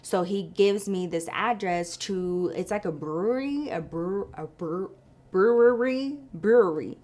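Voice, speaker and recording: A woman telling a story to her viewers in a chatty, animated way, full of likes and you-knows. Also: lowish voice, measured pace. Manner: chatty, animated, addresses viewers as girl and y'all. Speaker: storytelling vlogger. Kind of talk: casual storytime.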